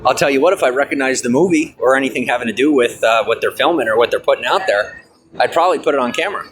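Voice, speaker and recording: A man's voice: medium pitch, very fast, fairly bright tone, a little hiss or hum, rough recording. A man chatting casually and bluntly while walking down a city street filming a vlog, swearing freely. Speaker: vlogger.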